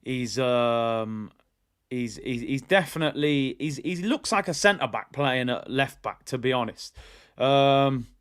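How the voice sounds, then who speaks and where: A man's voice: medium pitch, measured pace, smooth. A man hosting a live football fan watch-along, chatting in an opinionated way with lots of fillers and repeats while reading out viewer comments. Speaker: football fan channel host.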